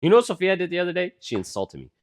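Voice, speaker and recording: A man's voice: high-pitched, sing-song, racing. A young man co-hosting a casual podcast. He rambles with many fillers and teases his co-host. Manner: rambling, full of fillers, teasing.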